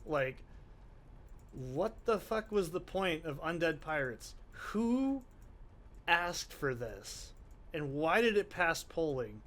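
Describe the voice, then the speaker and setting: A man's voice: on the high side, lively intonation, slow, fairly bright tone. Ranting, profane gamer man. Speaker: gaming channel host. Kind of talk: let's play commentary.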